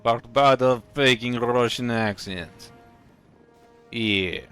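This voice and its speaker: A man's voice: medium pitch, takes it slowly, a bit bright, smooth, soft background music. A man from France giving casual live commentary on a strategy game stream, chatting with viewers between play calls.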